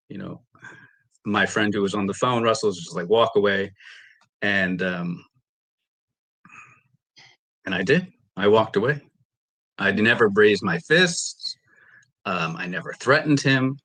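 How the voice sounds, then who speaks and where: A man giving testimony in a courtroom, with a low, forceful voice. He tells his side emphatically and acts out the lines that were said. His delivery stays intense and direct. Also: animated, a little slow, long pauses. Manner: emphatic, re-enacting quoted exchanges. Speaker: litigant in a courtroom dispute. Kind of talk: courtroom testimony, recounting events.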